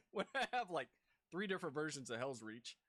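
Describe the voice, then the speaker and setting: Scornful male reactor, higher voice, dry booth sound, keeps repeating himself in disbelief. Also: big pitch swings, fairly quick, fairly bright tone, dry recording. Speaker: reaction video reviewer. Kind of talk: exasperated commentary over a video.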